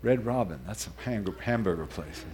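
A man preaching a conversational sermon, animated and digressive, often correcting himself mid-sentence. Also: lowish voice, normal speed.

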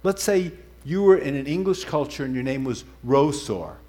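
A man preaching a conversational sermon, animated and digressive, often correcting himself mid-sentence. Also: a little high, normal speed.

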